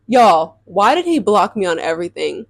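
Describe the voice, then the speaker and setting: A young woman telling viewers a storytime about her dating life in a chatty, animated way. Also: medium pitch, unhurried, no echo. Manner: chatty, addresses viewers as y'all, animated retelling. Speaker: storytime vlogger. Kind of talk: casual storytime vlog.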